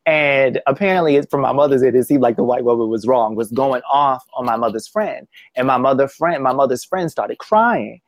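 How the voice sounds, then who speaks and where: A man in casual conversation, speaking with strong emotion and halting often to restart his sentences. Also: mid-range voice, no echo.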